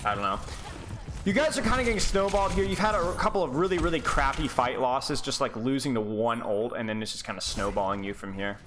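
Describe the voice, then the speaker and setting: A man's voice: mid-range voice, lively intonation, brisk, background noise. A young man coaching as he reviews a game, sarcastic and mocking, breaking into laughter. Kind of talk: live gameplay review coaching.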